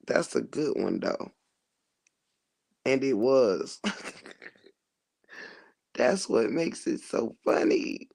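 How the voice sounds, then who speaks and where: A man telling a funny story to his chat in a casual, animated way, swearing freely and laughing often. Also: medium pitch, extremely slow, gravelly, long pauses. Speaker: livestream host reading chat.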